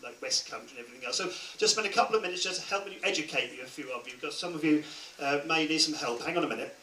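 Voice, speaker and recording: A man's voice: a little high, rapid-fire, sharp tone. A man with a Norfolk accent leading a comic audience game on stage, joking and teasing the crowd. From Norwich, England. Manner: jokey, self-deprecating. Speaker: band member hosting audience game. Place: cruise ship lounge. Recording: echoey room from far off, noisy crowd. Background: crowd chatter and laughter.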